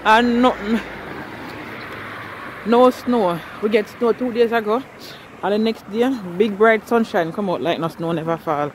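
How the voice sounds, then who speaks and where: A woman's voice: medium pitch, a little slow. Jamaican woman vlogging outdoors with street noise. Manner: playful, teasing questions, frequent laughter. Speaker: family vlogger. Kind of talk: casual vlog chat.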